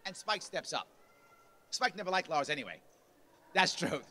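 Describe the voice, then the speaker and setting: A man's a little high, pushed and bright voice swings widely in pitch at a moderate pace. He gives a punchy party-convention motivational speech in a lunch hall, acting out quotes as he raises his volume.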